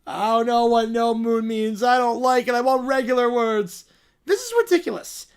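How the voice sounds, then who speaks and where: A man's voice: very high-pitched, moderate pace, clean tone. A man voicing a spoiled, tiny, furry royal creature who whines and demands everything. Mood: annoyed. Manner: whining, petulant, demanding. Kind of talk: read-aloud donation story.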